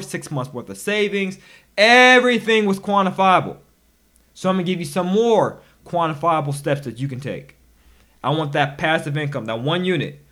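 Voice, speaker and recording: Male finance coach, slightly higher voice, lively and preachy, punches key words hard. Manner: animated and preachy, with sudden loud emphatic bursts. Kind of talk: motivational financial lesson. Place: recorded instruction.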